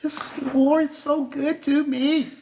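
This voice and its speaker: A man voicing an overly sweet, fake church greeter in a high, sugary falsetto. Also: little pitch movement, slow pace, creaky, a little mellow, slight background noise, exaggerated voice. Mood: syrupy.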